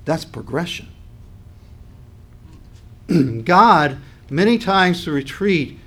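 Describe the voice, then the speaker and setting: A man preaching a sermon, swelling his voice on key points, then dropping it low, and clearing his throat now and then. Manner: dynamic preaching, voice swells and drops with emphasis. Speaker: pastor.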